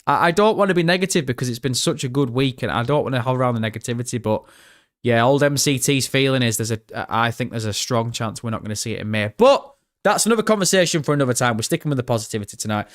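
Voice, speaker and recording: A man's voice: mid-range voice, animated, fast talker. A man doing a live-stream reaction, chatty, swearing casually and answering his chat as he goes. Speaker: gaming streamer.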